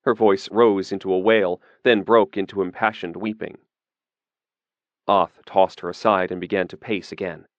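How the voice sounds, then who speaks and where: A man reading a fantasy audiobook in a steady, measured narration. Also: deep voice, no echo, highs cut off.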